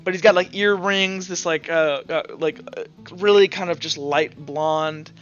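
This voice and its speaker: Bright-voiced man running a tabletop game. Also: fairly high pitch, a little slow. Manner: casual, hesitant, many fillers. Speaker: game master. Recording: muffled audio with background music.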